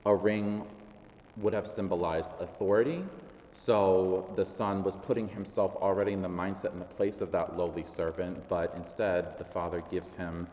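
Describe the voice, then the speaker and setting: A man's voice: deep voice, little pitch movement, moderate pace, darkish tone, slight background noise. A man preaching a sermon in a chatty, self-deprecating way, with lots of fillers. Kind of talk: conversational sermon. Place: large church hall. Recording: echoey church hall, slightly dull.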